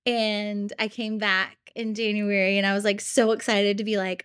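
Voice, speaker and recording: A woman's voice: mid-range voice, level tone, normal speed, hardly any pauses, a bit bright, clear, resonant tone. A woman in her twenties telling stories in a casual podcast chat, chatty and giggly, with lots of fillers. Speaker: podcast host.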